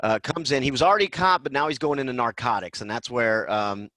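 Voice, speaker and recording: An excited man hosts a relaxed podcast talk about a film. He jumps into little acted-out bits as he goes. His voice sounds dry and close, with no room around it. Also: medium pitch, no echo. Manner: excited, acts out film lines in quick bursts. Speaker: podcast host. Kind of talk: casual movie discussion.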